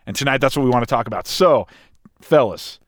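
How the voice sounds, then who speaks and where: A man's voice: mid-range voice, lively intonation, a little fast, no echo, clean studio sound. Upbeat man hosting a podcast. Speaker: podcast host. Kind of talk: casual chat, introducing topics.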